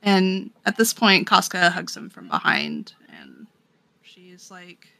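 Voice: mid-range voice, wildly swooping pitch, slow, vocal fry, sharp tone. A young adult podcast co-host casually recapping a story, talking in a chatty, filler-heavy way with frequent laughs.

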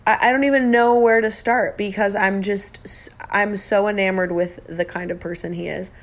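A woman's voice: mid-range voice, steady tone, moderate pace. A middle-aged woman hosting her own podcast, talking in a heartfelt, emotional way with bits of self-deprecating humor. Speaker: podcast host. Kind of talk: personal podcast monologue.

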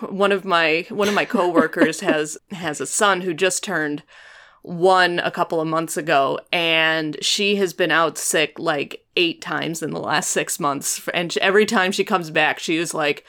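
A woman's voice: fairly low pitch, moderate pace, fairly bright tone. A woman co-hosting a podcast in casual, jokey chat, laughing often. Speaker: podcast co-host.

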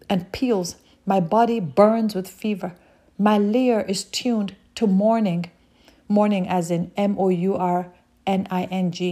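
A woman's voice: medium pitch, warm tone. A woman preaching a sermon, reading scripture aloud and speaking directly to her listeners in an earnest way.

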